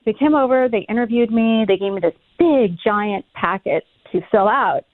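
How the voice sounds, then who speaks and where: A middle-aged woman chats as a podcast guest, telling stories with lively energy and cursing freely. Her voice sits a little high and comes over a thin, phone-like line. The sound is dry, with no room around it. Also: moderate pace, no room sound. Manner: animated, swears freely, acts out her own past lines. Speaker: podcast guest, reality TV cast member. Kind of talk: casual storytelling chat.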